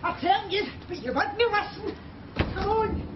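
An actress playing a frantic neighbour calling at a door, speaking. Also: female voice, very high-pitched, expressive, a little slow, reverberant, far from the mic, highs cut off. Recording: noisy TV clip with crowd.

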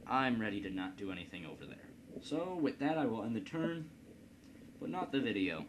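A man with a somewhat low voice talks through a strategy game in a loose, rambling way, cracking jokes at his own expense. A steady hiss sits under the recording. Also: fairly quick. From Indiana, United States. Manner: rambling, joking, self-deprecating. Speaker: let's play host. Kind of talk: casual gameplay commentary. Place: at home computer.

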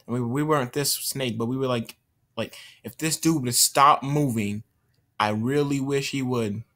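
A man's voice: mid-range voice, normal speed, fairly bright tone. A man giving casual, rambling commentary over his own gameplay, recorded on a computer mic. He talks in stop-start bursts, trails off mid-sentence and mutters curses at the game. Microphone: computer mic while screen recording.

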